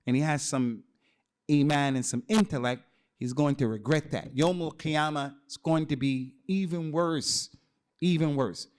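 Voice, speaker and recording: A man's voice: mid-range voice, normal speed, darkish tone, clean tone. A man giving an Islamic lecture to a congregation in a mosque hall, speaking emphatically, repeating phrases for stress and mixing in Arabic terms. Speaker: preacher. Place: mosque hall with men's and women's sides.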